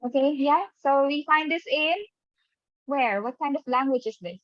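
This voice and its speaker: A woman's voice: sits high, moderate pace, no room sound. A woman teacher running an online lesson who keeps checking in with the class by asking "right?". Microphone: webcam mic on a video call. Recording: dull, dry video-call audio.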